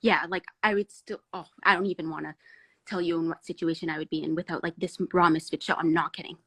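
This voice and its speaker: A woman from Canada appears as a guest on a casual chat show. She speaks softly and agreeably, and her voice is husky. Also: on the low side, fairly even intonation, fast. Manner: soft-spoken, agreeable, brief replies.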